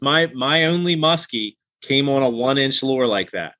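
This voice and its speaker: A man's voice: mid-range voice, expressive, moderate pace, pushed and bright, no echo. A man in his thirties hosting a casual fishing interview, easygoing and telling stories with restarts. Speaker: podcast host.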